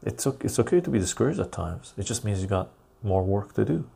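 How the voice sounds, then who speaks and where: A man's voice: on the low side, very animated, fairly quick, gravelly, mellow, breathy edge. A man hosting a live stream, chatting casually and rambling as he reads out and answers viewer comments.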